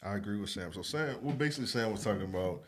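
Brief: male podcast co-host, low voice, relaxed, cussing banter. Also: rapid-fire, a little hiss or hum. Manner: laid-back, profane, laughs often. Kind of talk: casual chat.

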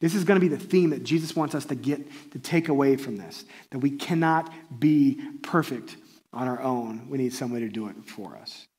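A man preaching a sermon in a conversational, animated way, often checking in with listeners. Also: mid-range voice, normal speed. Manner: conversational, animated, often asks the audience "right?". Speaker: pastor.

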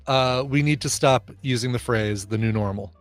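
A man's voice: medium pitch, moderate pace, dry recording, faint music behind. A man co-hosting a casual podcast, joking and laughing often. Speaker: podcast co-host. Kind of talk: casual chat.

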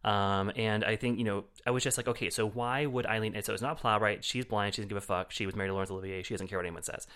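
A man co-hosting a film podcast, chatting casually and telling stories with lively put-on voices. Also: rapid-fire, hardly any pauses. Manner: animated storyteller, jumps into shrill impressions. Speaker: podcast co-host. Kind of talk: casual film review chat.

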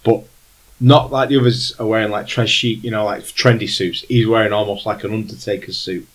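Lowish-voiced man narrating a game. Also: steady tone, a little fast, rough recording. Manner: rambling descriptive narration, many fillers. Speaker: game master.

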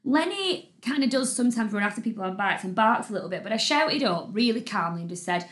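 A young woman, co-hosting a casual podcast and telling stories in an animated, chatty way. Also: medium pitch, fast. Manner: chatty, animated storytelling with laughs. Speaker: podcast co-host. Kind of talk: casual chat.

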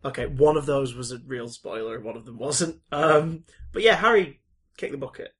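A man co-hosting a casual film chat, excitable and animated, laughing often. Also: mid-range voice, normal speed, husky. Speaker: podcast co-host.

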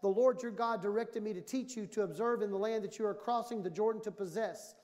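A man in his fifties preaching a sermon with humor, animated and jokey, acting out little dialogues. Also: sits high, brisk. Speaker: pastor. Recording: long hall reverb.

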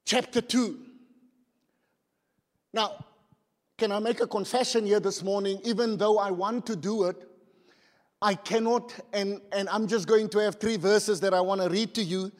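A middle-aged man preaching in a church, his voice pitched high. He rouses the congregation with animated calls. A long reverb rolls through the hall behind him. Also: normal speed. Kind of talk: sermon.

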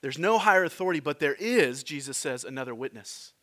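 Male pastor, sermon, fairly high voice, forceful bright tone, chatty asides to the congregation. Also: animated, a little fast. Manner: conversational, quizzing the congregation with asides.

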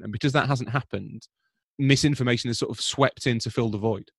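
A man's voice: medium pitch, slightly rough, dry recording. Man, football journalist, from Britain, podcast talk, analytical, restarts often, dry close recording. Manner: measured, analytical, with frequent restarts. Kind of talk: conversational podcast commentary.

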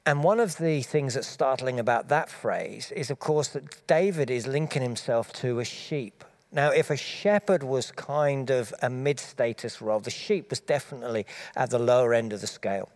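A man preaching, giving a measured, explanatory Bible teaching talk with small restarts as he thinks aloud. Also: medium pitch.

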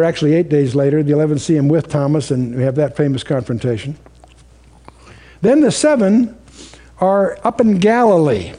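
A man's voice: high voice, mellow. A man preaching a sermon in a conversational, storytelling way, asking the audience questions.

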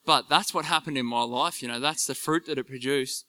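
A man giving an earnest personal faith testimony, halting and full of fillers. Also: medium pitch, bright, forceful tone, smooth, dry recording. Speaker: church member giving testimony.

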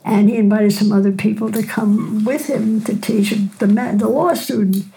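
Older woman, gentle storyteller, gravelly and mellow tone. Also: mid-range voice, fairly even intonation, rough recording. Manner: gentle unhurried storyteller, frequent "right?". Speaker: physician and teacher. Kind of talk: storytelling in a conversation.

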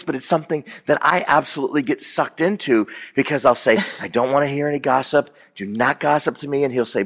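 A man co-hosts a casual talk show with a slightly husky voice. He tells stories with wide swings of pitch. He slips into the voices of the people he quotes. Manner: animated storyteller, acts out quoted voices. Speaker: co-host. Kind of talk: casual radio chat.

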